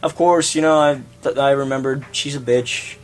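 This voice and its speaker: A young man co-hosting a casual, crude chat show, animated and laughing, jumping between topics. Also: mid-range voice, moderate pace, crowd noise. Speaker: podcast co-host.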